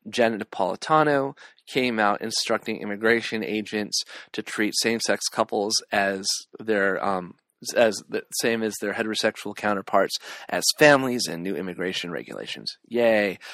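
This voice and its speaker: A man's voice: on the low side, fairly bright tone, dry recording. A man from California doing a casual news roundup vlog, talking hesitantly with many ums and restarts. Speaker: vlogger and community organizer.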